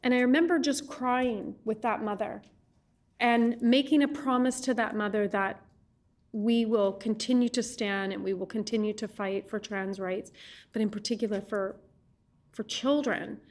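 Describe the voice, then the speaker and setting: A woman on a legislative committee, questioning a witness in an impassioned, halting way, often repeating words as she speaks. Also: fairly high pitch, fairly even intonation.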